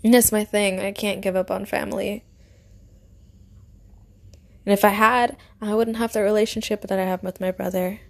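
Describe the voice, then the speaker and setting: A young woman speaking to her viewers about her faith and her family. Her voice sits at an ordinary middle pitch, and her delivery is earnest and emotional. She often lets it sink to a hushed whisper. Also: level tone, moderate pace, creaky, long pauses. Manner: heartfelt and emotional, often dropping to a soft whisper. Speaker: vlogger. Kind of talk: personal faith-based storytelling.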